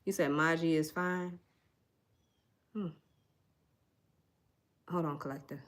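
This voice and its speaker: A woman's voice: sits low, fairly even intonation, takes it slowly. A woman, doing a casual tarot reading and chatting straight to her viewers in a folksy way. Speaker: tarot reader.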